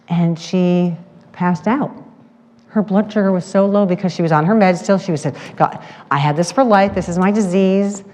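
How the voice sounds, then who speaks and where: A woman giving a presentation with slides, telling stories in a lively way and acting out the voices of the people she quotes. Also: lowish voice. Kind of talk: animated storytelling talk with slides. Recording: long hall reverb.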